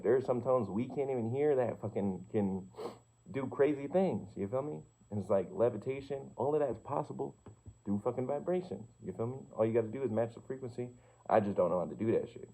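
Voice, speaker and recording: A man's voice: medium pitch, dark tone. A young man talking in a loose, slangy, profane monologue, firing off rhetorical questions and checking in with "you feel me". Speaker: vlogger. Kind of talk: casual rambling monologue. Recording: slightly muffled lo-fi recording.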